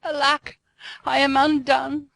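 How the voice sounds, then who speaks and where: A woman's voice: high voice, flat delivery, slow pace, vocal fry, fairly bright tone, dry recording, pitched above the performer's own voice, heavily acted. Woman doing a fretful old tailor. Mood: despairing. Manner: wailing, fretful. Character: poor old male tailor, fretful and lamenting.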